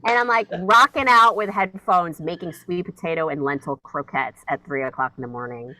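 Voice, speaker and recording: A woman comedian, telling a profane, animated story in a casual podcast chat and acting out her own reactions. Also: lowish voice, normal speed, rough recording. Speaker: guest comedian.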